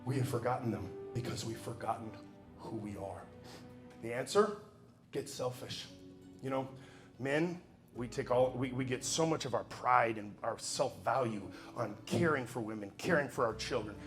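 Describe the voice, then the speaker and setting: A man in the middle of a motivational speech on stage, with a voice of ordinary middle pitch for a man. He preaches emphatically, slipping into hushed asides and then climbing to loud, driving calls. Faint music sits behind him. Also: normal speed. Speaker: motivational speaker.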